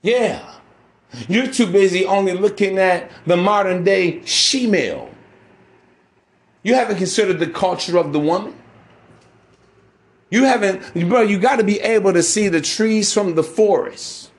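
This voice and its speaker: A man's voice: high-pitched, measured pace, pauses often. A man hosting a podcast, delivering a brash, profane, preachy monologue. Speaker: podcast host. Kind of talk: ranting monologue.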